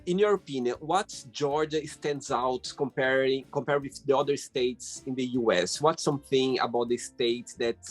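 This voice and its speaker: A man from the UK hosting an interview, asking friendly questions in a halting way with many restarts. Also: medium pitch. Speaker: interview host. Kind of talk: casual interview.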